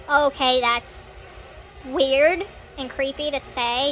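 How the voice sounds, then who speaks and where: A woman talks through a horror game in a chatty, excitable let's-play commentary, reacting aloud and laughing nervously. Her voice is high-pitched and bright. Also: normal speed, slight background noise. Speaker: gaming channel host.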